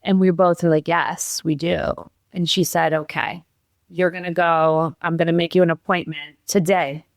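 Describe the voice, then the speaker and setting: A woman guest on a podcast tells a personal story in an animated, expressive way, lively in her voice and acting out what others said. She sounds close to the mic in a dry room, middle-aged, and near tears at times. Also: on the low side, moderate pace, no room sound. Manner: animated, acts out quotes, laughs while telling. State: tearful at moments.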